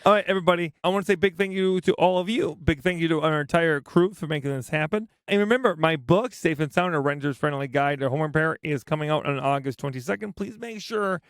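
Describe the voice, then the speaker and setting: A man's voice: on the high side, fast, few pauses, dry recording, studio quality. Playful man hosting a home-repair podcast. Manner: playful, jokey, animated. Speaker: podcast host. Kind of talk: casual podcast chat.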